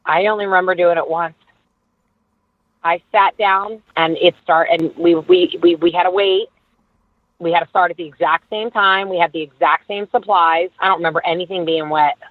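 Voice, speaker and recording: A woman guest in her thirties telling stories in a casual interview, animated and full of "like", acting out who said what. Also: fairly low pitch, moderate pace, dry recording. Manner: animated storyteller, acts out quoted dialogue, lots of "like". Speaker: guest, former reality show contestant. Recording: dry, tinny phone-like line.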